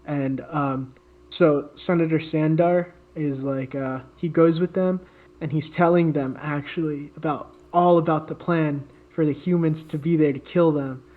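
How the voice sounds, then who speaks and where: Speaking at a measured pace in a slightly high, steady voice, this co-host spins a made-up tale during a casual podcast chat. His delivery rambles with frequent fillers and restarts. Audio is tinny, like a phone.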